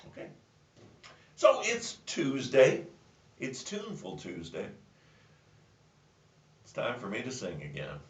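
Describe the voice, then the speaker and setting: Slow-talking man, distant and roomy. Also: mid-range voice, huge pitch swings. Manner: rambling, with frequent restarts and fillers. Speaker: show host. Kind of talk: casual chat and joke telling. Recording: roomy, distant, muffled sound.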